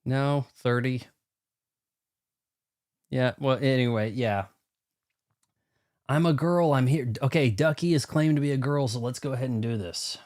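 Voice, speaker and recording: With a mid-range, slightly mellow voice, a young man speaks at a measured pace and pauses often. He's live-streaming a game, rambling with his chat in a self-deprecating manner.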